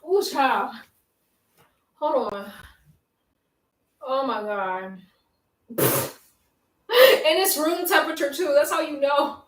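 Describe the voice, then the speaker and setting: A woman's voice: high-pitched, expressive, a little slow, pauses often. A young woman livestreaming from her bedroom, chatting candidly with viewers in slangy talk while out of breath from making her bed. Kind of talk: casual livestream chat. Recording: echoey room with faint noise.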